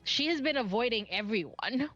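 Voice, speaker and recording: A woman's voice: on the high side, lively intonation, moderate pace, fairly bright tone, lo-fi sound. A woman player describing her character's actions in a tabletop game in a rambling, filler-heavy way.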